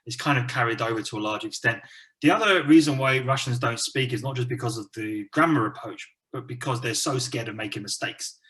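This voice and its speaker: A man from England talks through an interview as an English teacher and trainer. His voice sits mid-range in pitch, and he sounds relaxed and chatty, leaning on easy fillers as he explains his views. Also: a little fast. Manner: relaxed, chatty, frequent fillers like "you know". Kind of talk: casual interview conversation.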